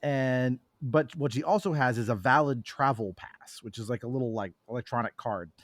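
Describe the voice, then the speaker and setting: A man's voice: mid-range voice, moderate pace, dry recording, clean studio sound. A man on a movie podcast steadily recapping a film's plot, with a few fillers. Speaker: podcast panelist. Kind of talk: casual movie podcast chat.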